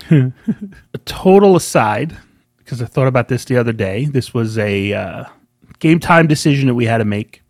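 Man, casual podcast chat, animated and profane storyteller, dry close sound. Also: mid-range voice, measured pace, no room sound. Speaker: podcast co-host.

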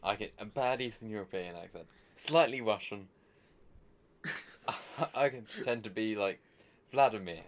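A man's voice: lowish voice, unhurried, long pauses. A young man as a podcast guest in casual chat, laid-back with brief dry replies.

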